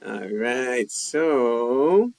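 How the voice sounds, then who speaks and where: A man hosting a casual language-learning live chat, reading viewer comments and musing aloud at an easy, unhurried pace. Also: mid-range voice, vocal fry, no room sound. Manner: slow, relaxed, thinking aloud while reading chat. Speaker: language livestream host.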